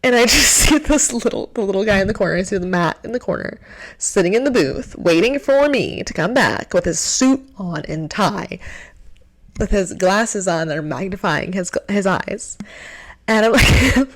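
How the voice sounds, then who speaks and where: A young woman hosting her show, telling a dating story in an animated, exasperated way with lots of filler words. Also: mid-range voice, normal speed. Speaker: host. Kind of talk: storytime monologue.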